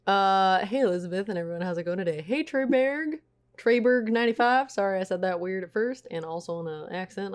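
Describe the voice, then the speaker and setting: Casual woman streamer, a little low-pitched, chatting with her viewers. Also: darkish tone. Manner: chatty, reads chat aloud. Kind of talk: casual chat with live chat.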